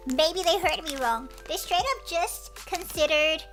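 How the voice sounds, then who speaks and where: A woman streamer telling a story in casual chat, animated and acting out what people said, often breaking into laughter. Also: sits high, measured pace, faint music behind.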